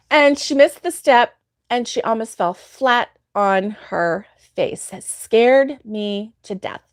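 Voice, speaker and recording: A woman's voice: on the high side, takes it slowly, pauses often, no room sound, clean studio sound. A woman hosting a crochet livestream, telling a story in casual chat and laughing often.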